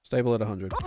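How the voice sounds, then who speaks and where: A man's voice: mid-range voice, slight background noise. Rambling man streaming casually. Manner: rambling, self-deprecating, frequent fillers. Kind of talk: casual chat while gaming.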